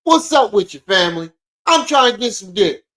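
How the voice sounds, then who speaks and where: A man doing a shrill whiny mocking man. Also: sing-song, moderate pace, pushed and bright, exaggerated voice, low-quality recording. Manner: high-pitched, whiny, mocking. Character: mocking impression of an upset adult man.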